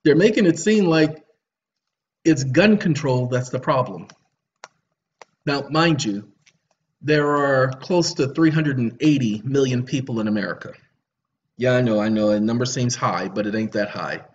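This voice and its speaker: A man's voice: medium pitch, measured pace, long pauses. Preachy man lecturing on a dull recording. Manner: preachy, repetitive, sarcastic apologies. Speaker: online commentator. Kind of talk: lecturing monologue to viewers.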